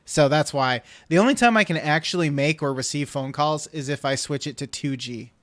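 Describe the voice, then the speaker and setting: This podcast host is a man whose voice is slightly high and fairly bright, at normal speed with no echo. In casual chat he spins a long, rambling anecdote, acting out what people said along the way.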